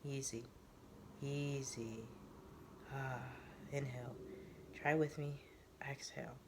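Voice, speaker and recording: A man voicing a calm young man who talks a panicking patient down, speaking softly and slowly. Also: a little high, background noise, lightly acted. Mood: soothing. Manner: soft, slow and soothing.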